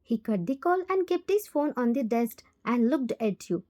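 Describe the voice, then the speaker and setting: High-voiced woman narrating fan fiction. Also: normal speed. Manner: plain, steady second-person narration.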